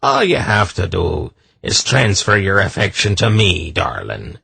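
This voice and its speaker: A man voicing a gnarled, ill-tempered old hunchback sorcerer in an audiobook, gruff and later putting on a lilting brogue. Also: low voice, huge pitch swings, a little slow, sharp tone, no echo, pitched above the performer's own voice, exaggerated voice. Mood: teasing.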